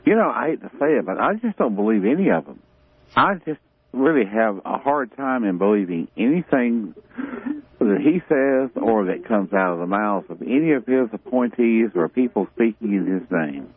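A man's voice: lowish voice, animated, normal speed, breathy edge. A man calling in to a radio show, speaking in an earnest, plainspoken way full of "you know"s, heard over a telephone. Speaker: caller. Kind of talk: call-in chat. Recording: tinny phone line.

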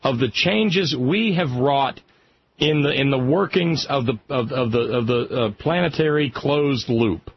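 A man's voice: medium pitch, a little slow, slight background noise. A man hosting a radio talk show, speaking with passion and frequent stammering restarts. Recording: muffled lo-fi radio broadcast.

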